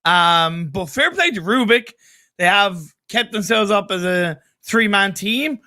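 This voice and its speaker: A man's voice: sits high, lively intonation, a little slow, sharp tone. A man with an Irish accent giving live esports colour commentary, chatty and analytical. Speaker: esports co-caster.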